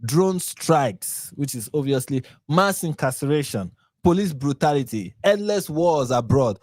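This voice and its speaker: A man's voice: fairly high pitch, expressive, unhurried, a little mellow, no room sound. A Nigerian man with a Nigerian accent hosting his channel, giving sarcastic, mocking live commentary on posts and rambling through restarts and repeats. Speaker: channel host.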